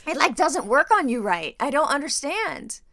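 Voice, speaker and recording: A woman co-hosting a podcast in casual chat, animated and blunt, laughing and swearing freely. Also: sits high, moderate pace. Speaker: podcast co-host.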